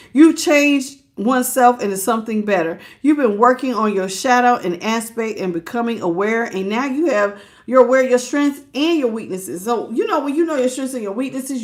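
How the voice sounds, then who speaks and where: A woman giving a live tarot reading, chatty and quick to laugh as she talks straight to her viewers. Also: fairly high pitch. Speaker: tarot reader.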